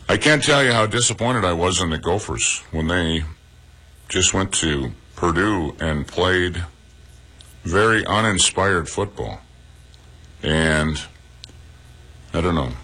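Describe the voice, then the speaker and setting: Male sports reporter, low bright husky voice, casual and halting. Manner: plain, relaxed delivery with frequent pauses and "uh"s, offering personal opinions. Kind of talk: local radio sports report.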